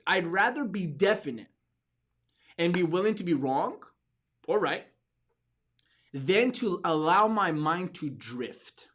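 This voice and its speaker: A man's voice: on the high side, a bit bright. A man hosting a podcast for entrepreneurs, giving a motivational talk with emphatic repeats and restarts. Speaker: podcast host.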